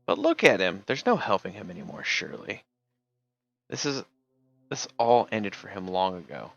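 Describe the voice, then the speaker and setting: A man's voice: low-pitched, very animated, normal speed, vocal fry, fairly bright tone, muffled recording. A man streaming, reading a text game aloud and casually remarking between passages. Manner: casual, reads narration then remarks.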